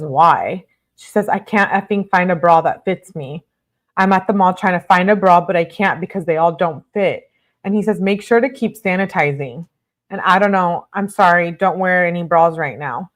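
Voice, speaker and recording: A woman with a lowish voice reads a string of text messages aloud as a true-crime host. She moves through them briskly and stops now and then to add blunt comments of her own. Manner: brisk reading punctuated by blunt asides.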